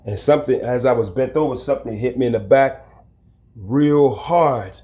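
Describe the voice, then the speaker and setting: A man telling a story from his own life in a casual, lively way, acting out the people in it. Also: mid-range voice, moderate pace. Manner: animated, acts out the people in his story, chuckles. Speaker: storyteller recounting his prison time. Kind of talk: casual spoken storytelling to camera.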